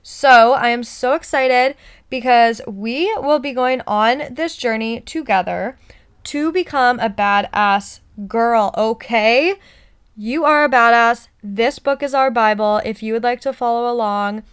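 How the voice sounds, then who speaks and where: Podcast host, woman, bubbly pep-talk delivery, slow and smooth, a touch high. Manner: excited, pep-talk cheerleading. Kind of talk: solo motivational podcast talk.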